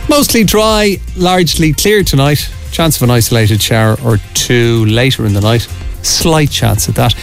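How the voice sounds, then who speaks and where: A man presenting on local radio in a chatty, lively way. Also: mid-range voice, normal speed, vocal fry, soft background music. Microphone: studio microphone.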